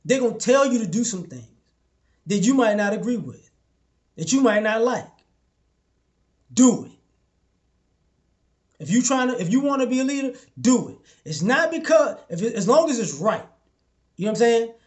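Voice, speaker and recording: A young man giving a casual motivational talk to his followers, preaching and repeating himself, often acting out little exchanges in a lower voice. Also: big pitch swings, moderate pace, pauses often. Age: young adult. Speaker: motivational vlogger.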